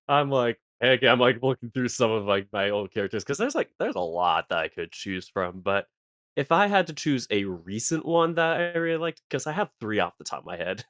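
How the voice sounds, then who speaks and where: A man's voice: mid-range voice, very animated, normal speed, fairly bright tone, dry recording, studio quality. A man voice actor chatting on a podcast, enthusiastic and rambling. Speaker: voice actor guest. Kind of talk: casual podcast chat.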